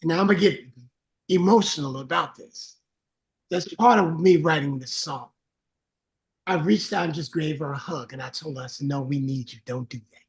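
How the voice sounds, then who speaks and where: Earnest, higher-voiced male songwriter guest. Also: normal speed, long pauses. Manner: earnest storytelling, animated when mimicking greetings. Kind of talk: casual interview chat.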